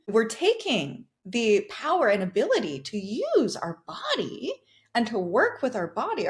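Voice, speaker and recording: A middle-aged woman, a podcast host and wellness coach, explaining self-regulation in an earnest, casual teaching talk, often restarting her words and laughing softly. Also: on the high side.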